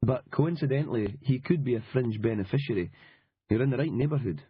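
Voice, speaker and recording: A man with a husky voice playing a cynical, wry male reporter who swears freely and talks with dry determination. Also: medium pitch, expressive, fairly quick, no room sound. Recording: dull lo-fi audiobook recording.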